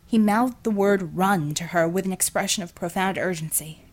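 A woman narrating an audiobook in an expressive, animated storytelling manner. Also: fairly low pitch, moderate pace.

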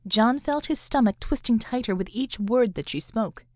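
This is scripted audiobook narration by a woman whose voice is a little high, delivered in a calm, even storytelling manner. The sound is dry and cleanly recorded in a studio.

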